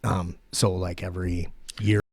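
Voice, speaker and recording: Speaking at a measured pace in a low, level voice, this studio podcast co-host tells a long, wandering story in casual conversation. The recording is dry, and his telling is heavy on curses and filler words.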